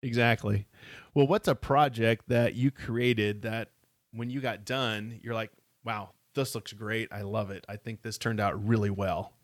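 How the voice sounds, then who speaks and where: A man hosting a podcast, asking questions in a measured, easygoing way. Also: on the low side, fairly even intonation, no room sound, clean studio sound. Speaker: podcast host. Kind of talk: interview questions.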